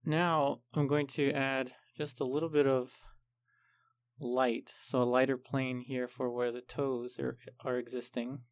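A man calmly explaining each step of a painting tutorial, unhurried and methodical. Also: medium pitch, no room sound. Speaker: art instructor.

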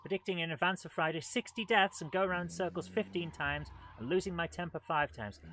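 A man with a slightly raised voice keeps up loose, self-mocking banter as he plays a game live. The game's vehicle and ambient sounds clatter loudly underneath him the whole time. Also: a little high, fairly quick. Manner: chatty, self-mocking, talks to chat. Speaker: game streamer. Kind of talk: live let's-play commentary. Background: game engine and vehicle noise.

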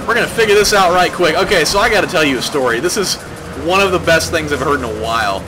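A man's voice: fairly high pitch, animated, quick pace, background noise. Rambling joking gamer guy. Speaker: let's play host. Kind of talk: casual gameplay commentary. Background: game music.

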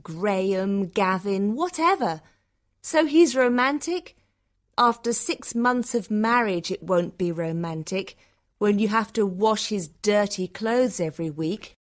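A man's voice: high-pitched, expressive, measured pace, pitched above the performer's own voice. A man voicing a sarcastic, bitter young woman in an audiobook story for learners. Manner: sarcastic, cutting.

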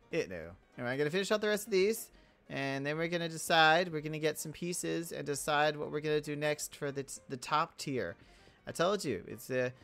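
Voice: mid-range voice, fairly bright tone. A video game creator giving casual, rambling commentary full of jokes and self-interruptions while building. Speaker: Minecraft let's play creator.

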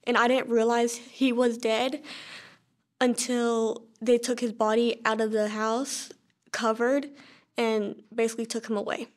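Subdued young woman, somewhat high voice. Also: flat delivery, unhurried. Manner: quiet, subdued, frequent "like". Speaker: sister interviewed. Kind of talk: documentary interview.

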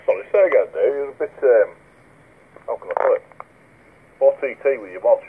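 A man's voice: medium pitch, very animated, fairly quick, vocal fry, breathy edge. A man chatting and joking casually with a friend over CB radio. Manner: jokey, laughing, teasing. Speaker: CB radio operator recording the chat. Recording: tinny radio transmission with faint hiss.

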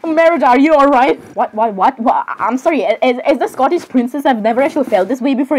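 A woman's voice: high voice, animated, quick pace, few pauses, a little mellow, slight background noise, poor audio. A woman doing a rambling comic voice-over for cartoon characters, apologizing over and over and breaking into jumpy squeals.

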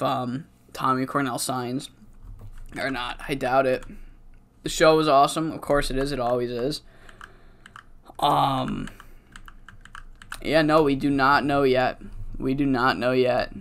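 A man's voice: medium pitch, unhurried, long pauses, fairly bright tone. A man commentating on his game in a rambling, profane casual style, his voice cracking from being sick. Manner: rambling, profane, many fillers. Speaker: let's-play commentator.

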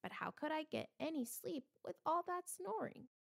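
A woman voicing a curious, adventurous male dog in a children's storybook, speaking in a lively, exclaiming way. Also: high voice, normal speed, gravelly, pitched above the performer's own voice, full character voice.

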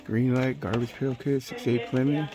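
A man's voice: mid-range voice, steady tone, moderate pace, over music. A man from California in casual commentary as he walks a hobby store, muttering laid-back reactions and ranting about prices. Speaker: diecast collector vlogger.

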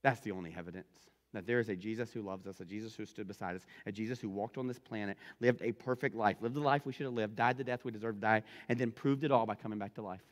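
A male pastor preaching a sermon in an animated way, repeating phrases for emphasis. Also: on the low side, fast talker, few pauses, long reverb tail.

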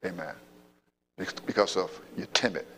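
A man's voice: low-pitched, normal speed, gravelly, pushed and bright, slight background noise. A man preaching a sermon as pastor, calling out amen and praise God and repeating his phrases for emphasis. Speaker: apostle and pastor. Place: church sanctuary. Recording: reverberant church hall.

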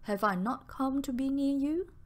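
A woman reading the part of a caring young woman who speaks gently and reassuringly. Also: sits high, moderate pace, pitched above the performer's own voice, natural voice. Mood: soothing.

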